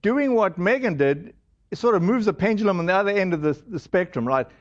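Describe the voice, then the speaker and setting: A middle-aged man preaches with a noticeably high voice. He speaks in a conversational way with restarts, on slightly muffled audio. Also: animated, a little fast. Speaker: pastor. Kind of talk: sermon.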